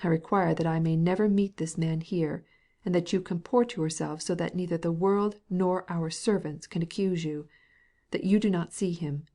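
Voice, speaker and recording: A woman's voice: on the low side, fairly even intonation, normal speed, mellow. A woman reading as a cold, formal husband. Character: cold stiff proud male government official husband.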